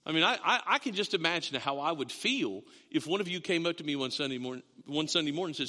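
A man's voice: fairly high pitch, lively intonation, fast, hardly any pauses, bright, forceful tone. A man in his fifties, a pastor preaching a sermon in a storytelling way, with self-mocking asides. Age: 50s. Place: church sanctuary. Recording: long reverb of a hall.

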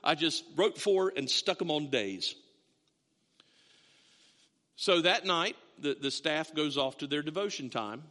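A man's voice: a little high, animated, measured pace, pauses often, bright, forceful tone. A man in his fifties, a pastor preaching a sermon in a storytelling way, with self-mocking asides. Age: 50s. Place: church sanctuary. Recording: long reverb of a hall.

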